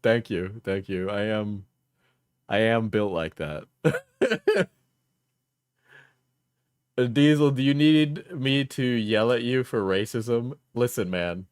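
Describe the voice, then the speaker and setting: A man hosts a casual livestream, reacting and joking with his chat. He speaks at a slow, easy pace and laughs often. The recording is dry and close, with no room echo. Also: on the low side, clear, resonant tone. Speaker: streamer.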